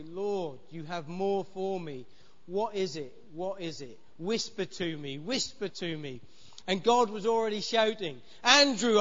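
A man's voice: sits high, a bit bright, big-room sound, muffled recording. A man preaching a sermon as pastor, his emphasis rising and falling. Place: church.

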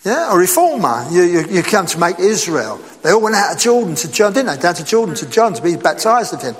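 A man preaching a sermon in a lively, conversational way, asking his listeners rhetorical questions. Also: high voice, a little fast, long reverb tail.

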